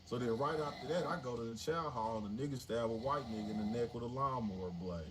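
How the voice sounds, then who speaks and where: A man's voice: mid-range voice, quick pace. A man in his forties telling a story casually and animatedly on a livestream, swearing freely. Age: 40s. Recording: noisy livestream audio.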